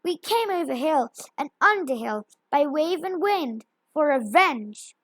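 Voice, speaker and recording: Small nervous male hobbit, read by a woman, timid and flattering, high, dry and close. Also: unhurried, no echo. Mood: earnest.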